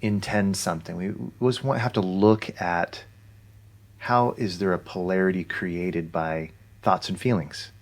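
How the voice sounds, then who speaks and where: Man, low voice, podcast co-host, reflective, explaining calmly. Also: measured pace. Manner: reflective, explaining ideas in a calm way. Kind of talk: casual podcast conversation.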